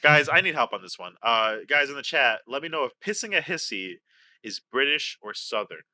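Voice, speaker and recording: A man's voice: mid-range voice, big pitch swings, fairly quick, pushed and bright. A man co-hosting a casual podcast, bursting into playfully exaggerated rants. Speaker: podcast co-host.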